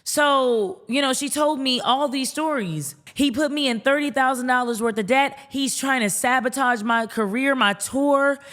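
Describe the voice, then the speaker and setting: Bright-voiced indignant woman vlogger. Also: high voice. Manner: indignant, rapid storytelling, acts out quoted dialogue. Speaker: podcaster. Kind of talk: callout monologue to camera.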